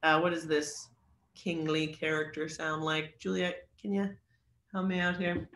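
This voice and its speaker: A man's voice: a little high, little pitch movement, measured pace, fairly bright tone, echoey room, slight background noise. A man teaching an online creative writing class, chatty and joking, with lots of fillers. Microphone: video call.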